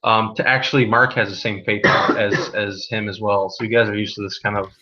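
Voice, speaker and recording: A man narrating as game master in a tabletop game, halting with many fillers. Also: fairly low pitch, little pitch movement, bright, forceful tone. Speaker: dungeon master. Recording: dull lo-fi home recording.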